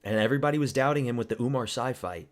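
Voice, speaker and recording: A man's voice: mid-range voice, racing. A man hosting a casual fight watch-party stream, rambling, swearing and answering chat. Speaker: livestream host.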